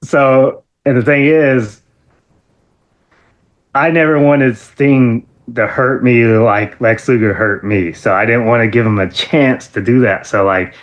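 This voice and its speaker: A middle-aged man with an average pitch tells stories as an interview guest. He rambles with fillers and keeps leaping into high, excited outbursts. He laughs often between lines. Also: unhurried. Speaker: interview guest, former wrestler. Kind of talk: animated storytelling.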